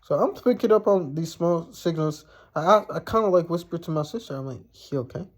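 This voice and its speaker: A man's voice: fairly high pitch, fairly quick. A young man casually telling a personal story, blunt and profane, rambling with lots of fillers.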